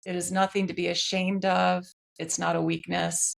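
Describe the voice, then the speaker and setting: A woman's voice: lowish voice, flat delivery, moderate pace, vocal fry. A woman speaking as a podcast guest in casual chat, earnest and candid. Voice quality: earnest, candid, laughs easily. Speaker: podcast guest, speech-language pathologist.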